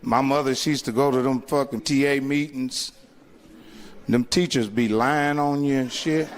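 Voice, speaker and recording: A man from Indiana doing stand-up storytelling, profane and animated, acting out the people in his stories. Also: medium pitch, normal speed, slight background noise. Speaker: stand-up comedian. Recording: live hall recording with long reverb.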